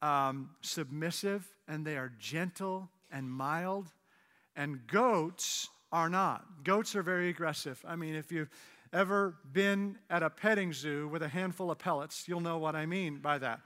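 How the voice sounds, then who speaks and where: A man preaching a sermon as pastor, conversational and joking, then dropping into low solemn emphasis. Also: measured pace, bright, forceful tone, long reverb tail. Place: church hall with audience.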